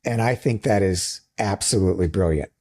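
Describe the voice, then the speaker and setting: A man's voice: sits low, normal speed, darkish tone. A man hosting a podcast, teasing his guest in casual chat and laughing easily. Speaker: podcast host. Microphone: podcast microphone.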